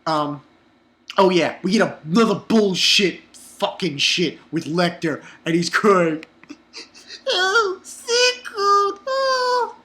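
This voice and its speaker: A man reviewing a manga chapter in an excitable, profane, rambling way. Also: on the high side, takes it slowly, long pauses. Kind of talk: casual online review.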